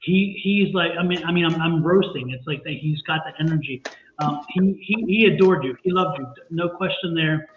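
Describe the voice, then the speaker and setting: A man's voice: a little high, normal speed. A man giving a live psychic reading, earnest and reassuring, repeating himself often. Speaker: tarot and psychic reader. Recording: echoey, phone-like line with faint noise.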